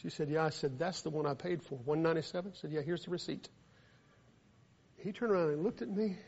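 A man with a Southern US accent, preaching a sermon that turns into a lively story, speaking quietly at times and loudly at others. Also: on the high side, fairly quick, creaky. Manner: animated, builds from quiet to loud when telling a story. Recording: dull lo-fi recording.

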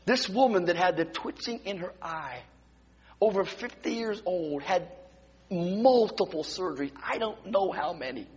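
Male preacher, husky high voice, dramatic sermon delivery, recorded dull in a reverberant church. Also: lively intonation, unhurried. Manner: dramatic, swings from hushed whispers to loud exclamations. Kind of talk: sermon with storytelling. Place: church sanctuary.

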